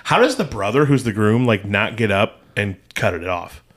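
Low-voiced man retelling stories emphatically. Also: animated, normal speed, fairly bright tone. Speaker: podcast co-host. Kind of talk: casual chat.

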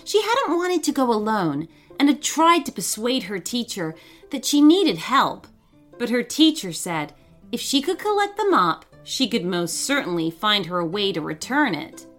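A woman narrating a children's story in an expressive, dramatic way. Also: on the high side, measured pace. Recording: faint background music.

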